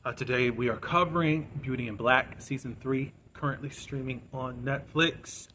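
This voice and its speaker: A man hosting his own channel, chatting casually through a recap of a TV episode and filling in the scenes with quick asides and "da, da, da.". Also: medium pitch, steady tone, bright, forceful tone, slight background noise.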